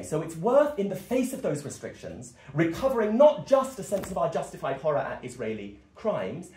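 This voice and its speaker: A man's voice: medium pitch, dark tone. A young man giving an impassioned, emphatic political speech at a meeting. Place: meeting room. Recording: echoey meeting room.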